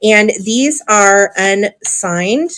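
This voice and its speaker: A woman's voice: mid-range voice, expressive, very slow, a bit bright. A woman hosting a live online auction stream, chatty and gushing, with frequent ums as she shows items. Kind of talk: live sale stream chat.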